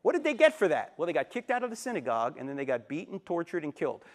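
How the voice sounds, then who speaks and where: Sixties male speaker, high and very expressive, playful storyteller lecturing live in a hall. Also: very fast. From New Jersey, USA. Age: 60s. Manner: animated storyteller, acts out quotes and jokes. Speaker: Christian apologetics speaker. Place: university auditorium with a live audience.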